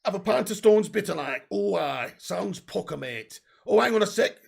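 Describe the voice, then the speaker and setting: Brief: chatty Yorkshire pub bloke with a gravelly voice, put on by a man. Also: sits high, expressive, moderate pace, full character voice. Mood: jokey. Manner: broad, folksy pub banter.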